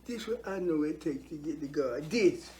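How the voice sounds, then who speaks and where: A man's voice: on the high side, expressive, normal speed, darkish tone, a little hiss or hum. An older man giving a heartfelt spoken testimony about his faith, earnest and preachy, repeating himself for emphasis.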